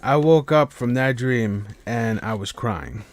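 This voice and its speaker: A man's voice: mid-range voice, takes it slowly. A man hosting a casual live stream podcast from home, rambling with stammering restarts and heavy swearing. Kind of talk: casual late-night monologue. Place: at home while others sleep.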